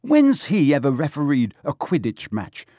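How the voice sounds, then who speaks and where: A cheeky teenage prankster, voiced by a man far above his normal pitch. He splutters and protests in disbelief at the unfairness. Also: wildly swooping pitch, moderate pace, dark tone, dry recording, clean studio sound. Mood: outraged. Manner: spluttering, outraged.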